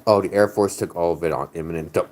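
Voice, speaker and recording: A man's voice: low voice, fast, darkish tone, slight background noise. A tipsy man chatting casually on a stream, rambling, joking and swearing, his words slightly slurred. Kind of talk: casual chat.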